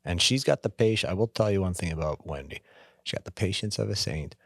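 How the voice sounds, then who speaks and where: A man's voice: deep voice, animated, fast talker, vocal fry, no room sound, clean studio sound. A middle-aged man with a Canadian accent, co-hosting a casual conversation in a candid, reflective way. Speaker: podcast co-host.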